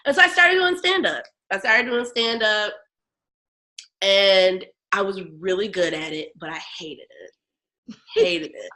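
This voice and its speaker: A woman from Chicago telling stories as an interview guest, lively and acting out other people's lines. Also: on the high side. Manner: animated storyteller, acts out quoted voices. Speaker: guest, lactation educator and comedian. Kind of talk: casual interview chat.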